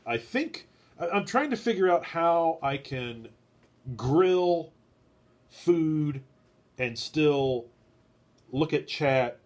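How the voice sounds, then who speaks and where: A man hosting a casual live stream from his garage shed. He rambles, fills pauses with "uh", chats with viewers, and has a stuffy nose. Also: on the high side, expressive, a little mellow. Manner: meandering, heavy on "uh" fillers, chats with viewers.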